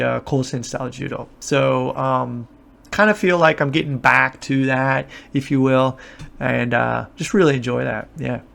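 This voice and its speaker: A man's voice: mid-range voice, gravelly. A man talking casually in a podcast interview, explaining things at length with frequent fillers and restarts. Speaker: guest, martial arts instructor. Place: Japan.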